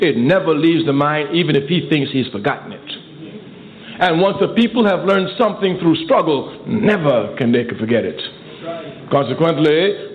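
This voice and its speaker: A man giving an emphatic, rhetorical political speech in an oratorical style. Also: high voice. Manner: emphatic, rhetorical, building repetition. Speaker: political speaker. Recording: tinny phone-like archive speech.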